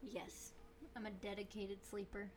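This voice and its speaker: A woman's voice: medium pitch, monotone, unhurried, slight background noise. A young woman co-hosting a podcast, joking around casually. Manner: jokey, playful, says dude and y'all. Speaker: podcast co-host. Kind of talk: casual chat.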